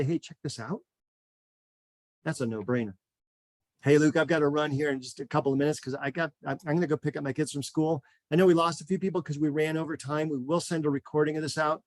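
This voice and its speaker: A man hosting a real estate webinar, talking in an energetic, repetitive motivational way and a little out of breath. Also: a little high, dry recording. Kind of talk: enthusiastic webinar pitch.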